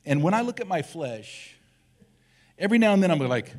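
An older man, a church elder, giving a relaxed conversational sermon and acting out the voices of the people in his story. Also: high voice, brisk.

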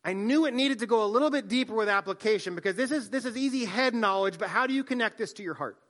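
A man, a pastor, preaching a sermon, swinging from soft hushed line endings to loud emphatic lines. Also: high-pitched, quick pace.

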